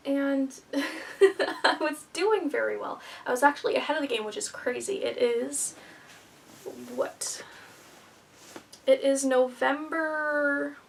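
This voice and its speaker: A woman's voice: high-pitched, animated, a little slow, gravelly, far from the mic, slight background noise. A young woman vlogging to camera, nervous and rambling, a little out of breath. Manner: nervous, rambling, self-deprecating, with filler words. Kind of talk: casual vlog talk to camera.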